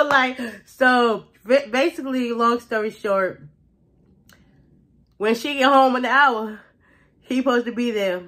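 A woman vlogger recapping a TV episode in a casual, gossipy way, full of "like" and quick laughs. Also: fairly high pitch, sharp tone. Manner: chatty, gossipy retelling with frequent "like" and laughter.

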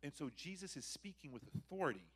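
A man preaching a sermon in a church, conversational and animated, acting out quotes from the text. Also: on the high side, fast talker, slightly rough. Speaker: guest preacher. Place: church sanctuary.

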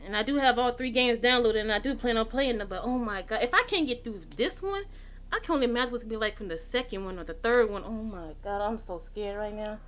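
A woman's voice: a little high, quick pace, fairly bright tone. A woman hosting a gaming channel, playing a horror game with panicky, swearing commentary. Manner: panicky, swearing, shrieking when chased.

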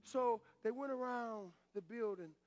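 Man, pastor, fiery sermon, high voice, dry close sound. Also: a little slow, no room sound. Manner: call-and-response preaching, rising to shouts. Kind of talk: preaching a sermon.

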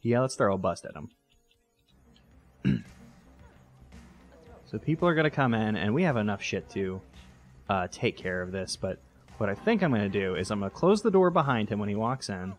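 A man's voice: lowish voice, sing-song, moderate pace, pauses often, soft background music. A man hosting a let's play, giving casual gameplay commentary that rambles, jokes and corrects itself as he goes. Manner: rambling, self-correcting, joking.

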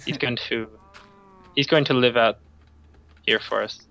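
A co-op player chatting casually during a game, making dry, deadpan quips. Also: mid-range voice, a little slow, rough recording. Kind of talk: casual gameplay chat.

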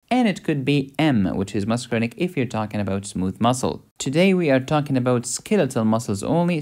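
A man's voice: medium pitch, a little mellow. Joking male medical lecturer. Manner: playful, punning, quick asides. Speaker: medical educator and channel host.

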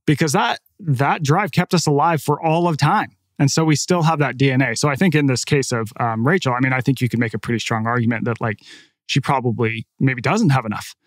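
A man's voice: mid-range voice, no room sound. Casual man telling stories, dry sound. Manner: casual, animated, with frequent "like" and "right?". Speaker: author and podcast guest. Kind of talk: conversational storytelling.

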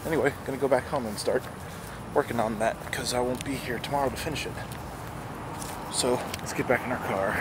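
A man's voice: medium pitch, fairly even intonation, fairly quick. Rambling young man vlogging over noise. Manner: rambling, chatty and self-mocking. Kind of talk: casual daily vlog. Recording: noisy background ambience.

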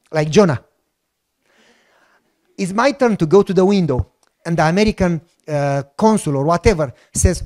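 A middle-aged man, a pastor, telling a testimony in a sermon. He acts out the dialogue, and at moments his voice drops low and soft. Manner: animated storyteller, acts out dialogue.

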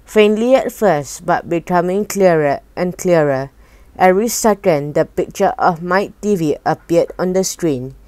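A woman reading a children's novel aloud in slow, deliberate storytelling. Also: lowish voice, darkish tone, dry recording. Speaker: reader.

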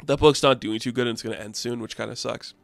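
A man's voice: medium pitch, steady tone, fast, gravelly, no room sound, faint music behind. A man casually recapping a comic book, chatty and enthusiastic. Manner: chatty, enthusiastic, acts out quotes.

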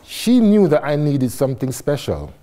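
A middle-aged man from Jamaica, telling his story as a guest speaker to a live audience, animated and laughing often, with casual swearing. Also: fairly high pitch, normal speed.

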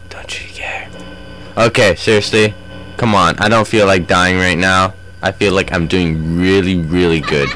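Slow, low-voiced young man playing a game. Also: fairly bright tone, a little hiss or hum. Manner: joking, taunts the game's enemies. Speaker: gameplay commentator. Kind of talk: let's play commentary.

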